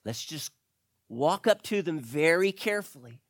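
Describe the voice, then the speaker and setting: A man voicing a calm, cautious leader who gives hushed instructions in a told story. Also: fairly high pitch, normal speed, no echo, studio quality, lightly acted. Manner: hushed, careful.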